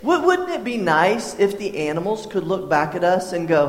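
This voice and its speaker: A high-pitched male pastor preaching a sermon in a chatty, conversational way, stumbling over repeated words and clearing his throat now and then. His voice rings out through a reverberant church hall. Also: lively intonation, brisk, hardly any pauses.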